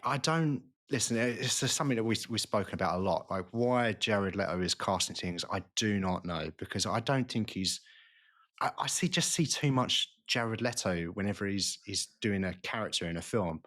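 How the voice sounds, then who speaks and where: A man's voice: lowish voice, a bit bright. A man co-hosting a film podcast, chatting casually with frequent restarts. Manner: rambling, halting restarts. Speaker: podcast co-host. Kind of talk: casual film review chat.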